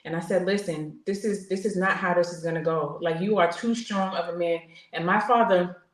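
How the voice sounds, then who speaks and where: A woman in her forties speaks in a low register and tells her own story candidly, pausing on fillers and starting sentences over. Her voice carries some room echo around it. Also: steady tone. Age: 40s. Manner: earnest, open, with frequent fillers and restarts. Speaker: podcast guest, military veteran. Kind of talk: candid personal storytelling in conversation. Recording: roomy echo.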